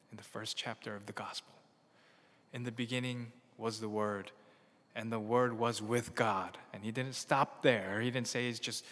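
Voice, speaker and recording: A man preaching a sermon, swinging between loud emphatic peaks and hushed near-whispers. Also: medium pitch, big-room sound. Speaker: pastor.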